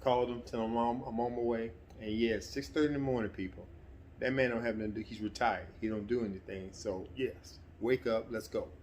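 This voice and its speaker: A middle-aged man telling a personal story in a relaxed, conversational way, sometimes getting animated. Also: medium pitch, fairly quick, a little hiss or hum. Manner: relaxed, conversational, breaks into animated quoted voices. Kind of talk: casual spoken anecdote.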